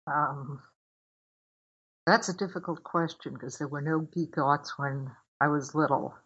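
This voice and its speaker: A woman's voice: low voice, steady tone, a little slow, fairly bright tone, husky. An older woman from Pennsylvania, a podcast guest answering questions in a dry, matter-of-fact way. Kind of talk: casual interview chat. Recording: dull lo-fi line.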